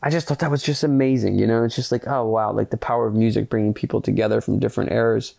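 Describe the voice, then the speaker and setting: Man, podcast host, gravelly voice, dark tone, rambling, filler-heavy, earnest, casual swearing. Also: on the low side, fairly even intonation, rapid-fire. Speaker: podcast host reviewing a film. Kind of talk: casual solo chat.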